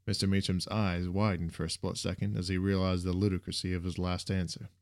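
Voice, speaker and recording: A man narrating a story in a steady, even reading voice. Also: low voice, a little fast, dry recording, clean studio sound.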